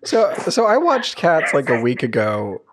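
A young woman in casual chat, telling stories in a chatty, drawn-out way. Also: low voice, wildly swooping pitch, noisy background.

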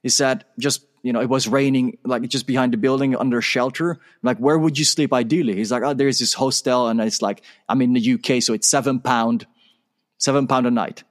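Appearing as a guest on an interview show, a man tells a personal story with real energy, acting out the dialogue as he goes. His voice is mid-range and his delivery brisk.

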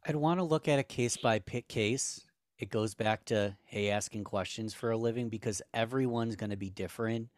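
A man with a slightly low, a bit hoarse voice gives business advice with punchy, emphatic energy. He sounds close and dry on the mic, with no room around him. His talk is conversational and driven. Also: no echo. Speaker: podcast guest.

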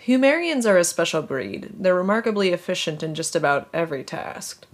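A woman's voice: fairly low pitch, very animated, a little fast. A woman voicing a suave, amused male space vampire with playful mock-British phrasing. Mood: matter-of-fact.

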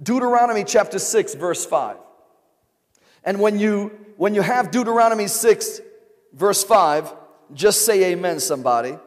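A man's voice: sits high, animated, normal speed. A man preaching a sermon as pastor, calling out questions for the congregation to answer. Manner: call-and-response preaching, repeated rhetorical questions to the congregation. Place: large church sanctuary. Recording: long reverb of a large hall.

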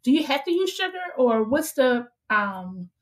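A woman hosting a live interview show, lively and playful, encouraging her guest and reading out viewer comments. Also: sits high, normal speed. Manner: reads viewer comments aloud. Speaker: host.

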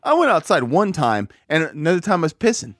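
A man's voice: on the high side, big pitch swings, brisk, fairly bright tone, no echo, studio quality. A man telling a rambling, profane story in casual chat, full of fillers and restarts.

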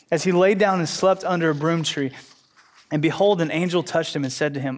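A man teaching a sermon, retelling a scripture passage in an animated, conversational way. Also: fairly high pitch, fairly quick. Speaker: Bible teacher.

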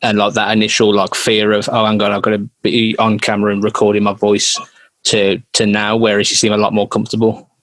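A man's voice: on the low side, monotone, brisk, fairly bright tone, dry recording, rough recording. A young man guesting on a podcast, asking a long question in a rambling, friendly way. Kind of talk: casual podcast chat.

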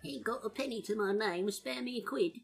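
A woman voicing a starving street urchin beggar, pleading theatrically in a gravelly, breathy voice. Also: on the high side, fairly quick.

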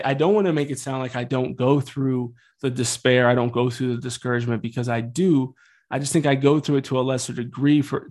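A man in his thirties speaking in an ordinary mid-range voice as he hosts a faith podcast. His talk is earnest and loose, full of restarts and asides. Now and then he lets a mild curse slip. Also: medium pitch. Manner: earnest, rambling, swears lightly. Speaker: Catholic podcast host.

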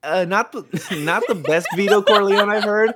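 A man's voice: high-pitched, normal speed, crowd noise. A man co-hosting a podcast in casual chat, wry and teasing. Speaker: podcast co-host.

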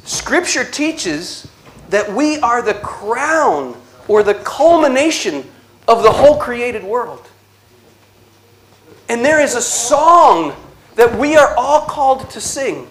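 A man giving an inspirational religious talk, telling stories slowly with dramatic pauses and a playful, animated delivery. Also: very high-pitched. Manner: slow dramatic storytelling with pauses. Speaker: Catholic speaker.

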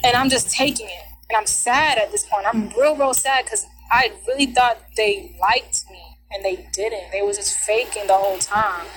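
A young woman with a bright, forceful voice tells a personal story in casual speech. She keeps it heated and conversational and slips into what each person said. Faint ambient noise sits behind her. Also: medium pitch, normal speed, hardly any pauses, rough recording.

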